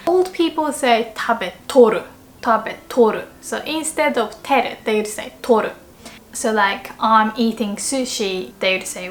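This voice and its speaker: A woman's voice: fairly high pitch, a little hiss or hum. A woman teaching a casual video language lesson, explaining chattily, often checking in with "right?" and acting out short example phrases.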